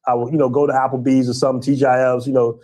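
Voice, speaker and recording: A man explaining his view in a casual, relaxed way, full of fillers. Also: medium pitch, fast. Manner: relaxed, filler-heavy, says "you know" often.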